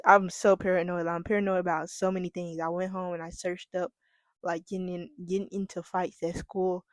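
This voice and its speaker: Animated young woman telling stories. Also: lowish voice, no echo. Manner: animated, laughing, addresses listeners as y'all. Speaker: podcast host. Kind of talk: casual storytelling monologue.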